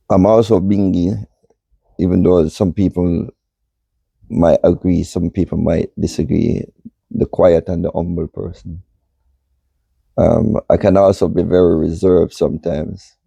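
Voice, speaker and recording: A man in his sixties with a deep, gravelly voice that is still hoarse after losing it. He answers in a slow, unhurried, measured way, with long pauses. His tone is dark and husky, and the sound is close and dry. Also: level tone, no room sound. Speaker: podcast guest. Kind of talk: reflective interview answers.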